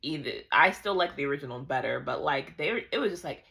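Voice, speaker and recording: Chatty low-voiced woman ranting about a book. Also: animated, fairly quick, creaky, bright, forceful tone. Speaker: book vlogger. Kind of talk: casual book recap.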